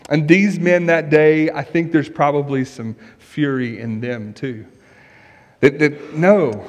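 A man preaching in a church sanctuary with a slightly high voice, pressing his points with earnest emphasis and rhetorical questions. His words ring out with the long reverb of a big hall. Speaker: pastor. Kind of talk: sermon.

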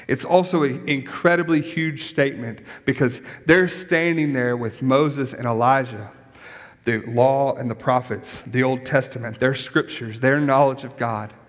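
A man's voice: mid-range voice, unhurried. Man preaching in a reverberant church. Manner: conversational preaching, animated, asides like "right?". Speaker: pastor. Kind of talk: sermon.

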